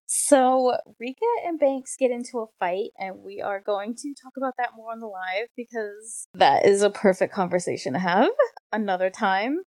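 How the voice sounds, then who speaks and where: Dry, animated woman chatting books. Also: medium pitch, normal speed, dry recording, poor audio. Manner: animated, gushing storyteller. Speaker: podcast co-host. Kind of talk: casual book discussion.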